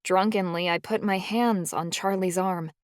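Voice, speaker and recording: A woman narrating a first-person audiobook in an even, measured storytelling manner. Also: on the low side, no room sound, studio quality.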